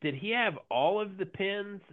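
A man co-hosting a casual podcast, talking haltingly with lots of fillers and frequent laughs. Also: high-pitched, lively intonation, no room sound. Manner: halting, many fillers and restarts, laughs often. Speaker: podcast co-host. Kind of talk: casual wrestling podcast chat. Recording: tinny phone-like line, dry.

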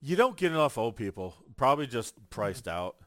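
Animated man telling live-show stories. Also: medium pitch, moderate pace, dry recording. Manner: animated storyteller, acts out quotes. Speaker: podcast co-host. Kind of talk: casual chat.

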